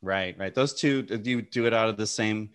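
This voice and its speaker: A man performing improvised comedy with playful, rambling, deadpan asides. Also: fairly low pitch, normal speed, clean tone.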